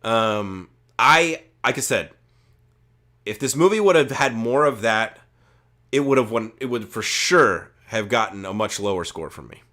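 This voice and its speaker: A man's voice: fairly low pitch, lively intonation, a little slow, sharp tone. A man co-hosting a podcast, retelling movie scenes in a rambling, profane, casual way with lots of filler words. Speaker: podcast co-host. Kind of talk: casual movie review chat.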